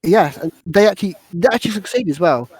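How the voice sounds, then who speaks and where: A woman's voice: on the low side, lively intonation, fast, darkish tone, slightly rough, no echo, low-quality recording. A woman hosting a casual podcast, rambling through a film recap and stumbling over her words. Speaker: podcast host.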